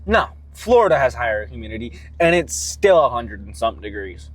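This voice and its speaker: A man's voice: mid-range voice, fairly quick, slightly rough. A man talking casually in a vlog, rambling and swearing freely as he rants and muses about his workouts. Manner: profane, rambling and animated. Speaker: fitness vlogger.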